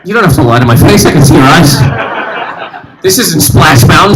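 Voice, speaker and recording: Male stand-up comic, high voice, animated and rambling, works the room. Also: a little fast, heavy background noise. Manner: animated, rambling, talks to the audience. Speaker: stand-up comedian. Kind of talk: stand-up comedy with crowd work. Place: live comedy venue.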